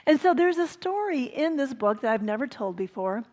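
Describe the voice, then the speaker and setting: Animated woman minister telling stories. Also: sits high, normal speed. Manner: animated, warm storytelling with laughter. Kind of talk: storytelling sermon. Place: church center.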